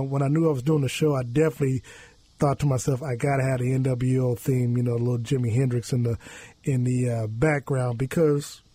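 A man's voice: medium pitch, dark tone, no echo. A male sports radio host in a studio, talking in a boisterous, loose and chatty way with slang. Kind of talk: casual sports radio talk. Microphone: studio microphone.

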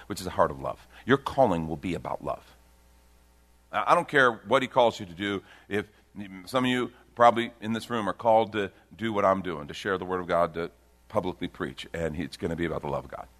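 Middle-aged pastor guy preaching, goes loud then drops real quiet, lively sermon voice. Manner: dynamic preaching with big swings in pitch and loudness.

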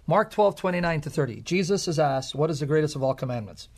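High-voiced emphatic male Bible teacher. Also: animated, fast, a little mellow. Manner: emphatic, lecturing, quotes scripture.

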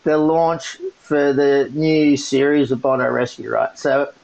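A man's voice: mid-range voice, unhurried, gravelly. A man telling a story in a casual chat, laughing often as he goes. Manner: laughing often, animated retelling. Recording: muffled lo-fi sound.

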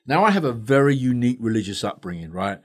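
A man's voice: medium pitch, lively intonation, fast talker. A man telling a story as a guest therapist in a podcast interview, blunt and straight-talking with plenty of swearing.

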